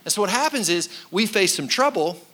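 A man in his thirties preaching a sermon as pastor, telling a story with animated shifts from loud to quiet. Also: high voice, a little fast. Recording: sermon with music behind. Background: music.

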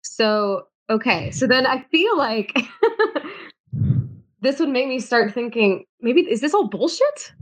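A woman playing in a tabletop game, quick, giggly and bewildered. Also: fairly high pitch, expressive. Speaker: player. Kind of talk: casual tabletop role-play.

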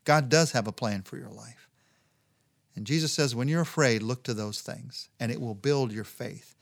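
A man's voice: normal speed, creaky. A man preaching a sermon in an earnest way, lifting his voice for emphasis. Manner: earnest, rises in pitch for emphasis. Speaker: pastor.

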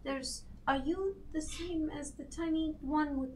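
A woman playing a prim, genteel adventurer, high and slow. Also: darkish tone. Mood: polite. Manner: genteel, formal, hesitant. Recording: distant mic.

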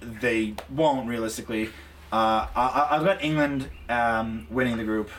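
A man co-hosting a casual sports podcast, talking in an animated, playful, enthusiastic way. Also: medium pitch, unhurried, far from the mic, slight background noise, poor audio. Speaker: podcast co-host.

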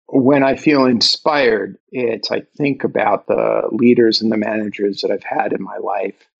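A middle-aged man with a gravelly, husky voice reflects on his career and acts out old conversations. The sound is dull and lo-fi. He speaks with emotion and ranges widely when quoting others. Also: on the low side. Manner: emotional, animated retelling of conversations. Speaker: interview guest, author. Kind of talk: reflective storytelling.

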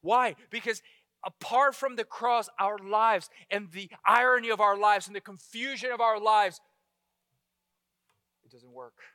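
A man preaching a sermon, impassioned, rising to loud exclamations and dropping to a hushed intensity. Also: high-pitched, steady tone, normal speed, smooth, no echo, studio quality.

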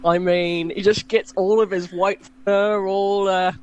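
A woman's voice: mid-range voice, flat delivery, unhurried, a little mellow, highs cut off, slight background noise. A woman chatting in character during a tabletop game, doting and talkative. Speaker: player.

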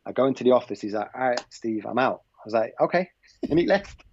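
A basketball coach from England, guesting on a podcast, shares a personal story in a loose interview chat. He talks quickly in a mid-range voice that's a little mellow. Slight background noise sits under the slightly dull, lo-fi recording.

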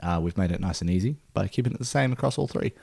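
A man's voice: low-pitched, expressive, very fast, creaky, a little mellow, breathy edge. A man co-hosting a podcast, chatting casually and hesitantly with many fillers and restarts. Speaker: podcast co-host. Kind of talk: casual chat.

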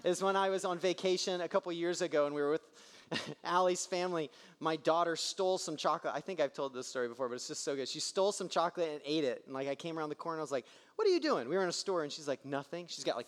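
A man's voice: fairly high pitch, big-room sound. A man in his thirties preaching a sermon, telling family stories and acting out the voices of the people in them. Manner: animated storytelling, acts out quoted voices. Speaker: pastor.

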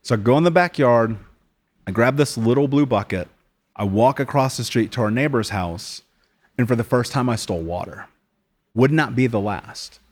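A man's voice: mid-range voice, lively intonation, normal speed. A man from the United States in his late thirties, a podcast guest telling his story bluntly in casual interview talk, swearing often and calling people dude.

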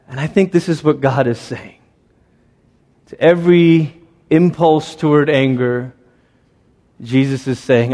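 A man's voice: medium pitch, fairly even intonation, unhurried, pauses often, warm tone, big-room sound. A man preaching a sermon in a conversational way, acting out little voices as he goes. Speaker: pastor.

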